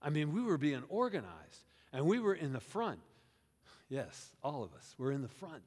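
A man's voice: on the high side, moderate pace. A male pastor preaching a sermon to his congregation, retelling a scripture story as if the listeners were there and asking them questions. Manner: animated storytelling, first-person plural, questions to the congregation. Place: church sanctuary. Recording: reverberant hall.

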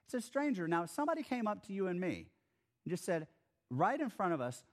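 A male pastor delivering a sermon in a relaxed, conversational manner. His voice sits a touch high for a man and swings up and down with a lot of life as he tells the story. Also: quick pace.

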